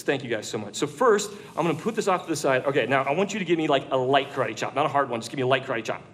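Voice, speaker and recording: A male preacher tells the story to a full church room in a conversational, jokey sermon. His voice sits a little higher than most men's, and he keeps it animated and playful. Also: a little hiss or hum. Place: large church room with an audience.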